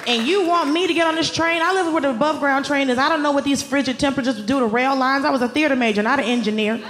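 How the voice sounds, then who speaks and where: A woman from Atlanta doing a stand-up comedy set, ranting in an animated, exasperated way with sudden outbursts. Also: sits high, fast talker, a crowd in the background, background noise. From Atlanta, US South. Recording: live club with loud audience laughter.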